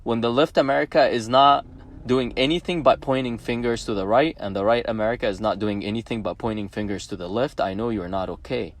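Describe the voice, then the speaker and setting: A man's voice: mid-range voice, steady tone, fairly quick. Emotional Egyptian-accented man, pleading and defiant. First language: Arabic. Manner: emotional, pleading and defiant, repeats phrases for emphasis. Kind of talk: emotional personal monologue.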